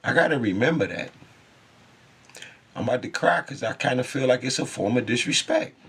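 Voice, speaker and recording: A man's voice: mid-range voice, lively intonation, brisk, creaky, a bit bright, husky. A man speaking in an intense, profane, rambling spiritual monologue, laughing often.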